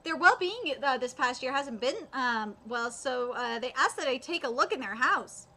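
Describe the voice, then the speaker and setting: A woman's voice: sits high, lively intonation, moderate pace, bright, forceful tone, heavily acted. A woman reading the part of a sly, teasing male exorcist aloud, stumbling over words with frequent fillers. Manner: read aloud with hesitant fillers.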